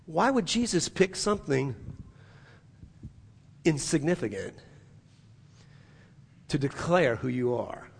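A man's voice: a little high, big pitch swings, takes it slowly, gravelly, long pauses, breathy edge, long reverb tail. A man preaching a sermon in a church, emphatic and repetitive, with frequent restarts. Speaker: pastor.

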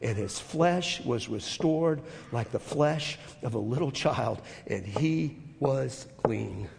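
A man preaching a sermon as a pastor, retelling scripture with emphatic repetition and dropping to soft, intense moments. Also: mid-range voice, expressive, takes it slowly, vocal fry, slightly rough. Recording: long reverb of a large hall.

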